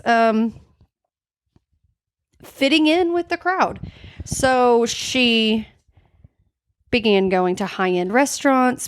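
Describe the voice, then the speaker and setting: A woman co-hosting a podcast in casual chat, telling a story with lots of "like" fillers and acting out the quoted lines. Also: fairly high pitch. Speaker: podcast co-host. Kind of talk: casual true-crime chat.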